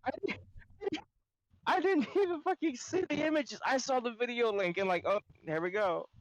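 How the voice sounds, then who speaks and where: A man's voice: very high voice, normal speed, no room sound. A young man co-hosting a podcast, laughing easily and sounding sheepish in crude casual banter. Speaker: podcast co-host.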